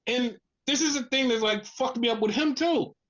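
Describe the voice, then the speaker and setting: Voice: normal speed, highs cut off. A podcast co-host ranting in casual talk, swearing constantly and sounding fed up. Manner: profane, exasperated ranting; animated, mimics others in a lower voice.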